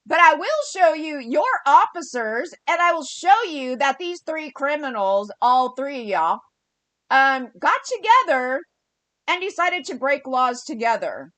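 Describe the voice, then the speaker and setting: Woman ranting on her vlog, kinda high voice, dry close mic. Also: animated, a bit bright, dry recording. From California. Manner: heated, fast ranting with quoted dialogue. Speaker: vlogger.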